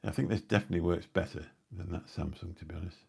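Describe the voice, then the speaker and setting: A middle-aged man live-streams from home in a deep, husky, darkish voice, keeping a steady tone at a quick pace. He rambles through anecdotes with dry asides in casual chat, recorded on a new phone or mic on a live stream.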